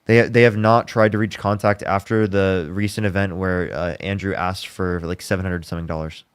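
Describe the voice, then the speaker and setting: A man's voice: deep voice, flat delivery, a little fast, clean tone, dry recording. A man hosting a live online debate, pressing insistently and repeating his demands. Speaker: debate livestream host.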